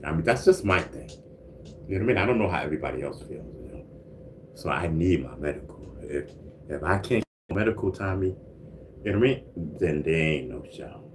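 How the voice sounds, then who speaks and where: A man's voice: deep voice, slight background noise. A man hosting a casual livestream, chatting loosely and reading out viewer comments. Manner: laid-back, repeats "you know what I mean", frequent laughs and coughs. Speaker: livestream host. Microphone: single mic livestream.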